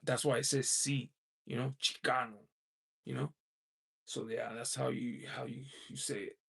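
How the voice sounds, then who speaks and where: A man hosting a loose livestream chat, with a gravelly, creaky edge to his voice. His tone is husky rather than clean. He rambles along, peppering his talk with "you know" and little chuckles as he reads viewer comments. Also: mid-range voice, flat delivery, normal speed, sharp tone. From United States. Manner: chuckles often while talking.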